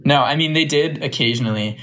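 Young man, from the US, casual podcast talk, medium pitch, laughs through stories. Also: fairly quick. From United States. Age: young adult. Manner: animated storytelling with laughs. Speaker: podcast guest. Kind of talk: casual chat.

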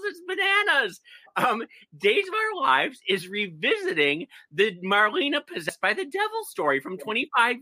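A man's voice: very high-pitched, bright, forceful tone, no room sound. A man co-hosting a podcast, telling a story animatedly with dramatic asides. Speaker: podcast co-host. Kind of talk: casual chat, pop culture recap.

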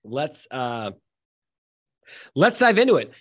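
A man's voice: medium pitch, very animated, takes it slowly. A man narrating as game master in a loose, filler-heavy way.

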